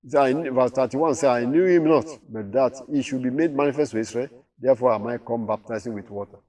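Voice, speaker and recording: A man's voice: mid-range voice, fast talker, a little mellow, distant mic. A man teaching a Bible study, reading verses aloud and explaining them with rhetorical questions.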